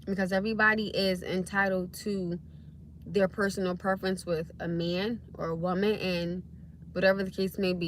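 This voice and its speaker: A woman's voice: mid-range voice, sharp tone, a little hiss or hum. A young woman hosting a casual livestream, talking bluntly and emphatically, often repeating herself to drive a point home. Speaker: livestream host.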